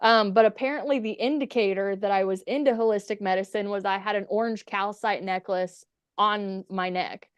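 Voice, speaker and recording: A woman's voice: medium pitch, steady tone, normal speed, clear, resonant tone, no room sound. A woman chatting as a podcast guest, telling stories casually, swearing freely and acting out the quotes. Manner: chatty, profane, acts out quotes. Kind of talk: casual storytelling.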